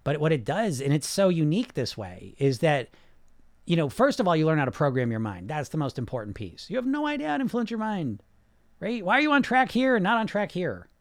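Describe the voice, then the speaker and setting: Male podcast coach, high animated voice, brash and profane, mocks listeners' excuses. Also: brisk, no room sound. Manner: blunt, profane, fires rhetorical questions. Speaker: weight loss coach and podcast host. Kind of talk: casual podcast monologue.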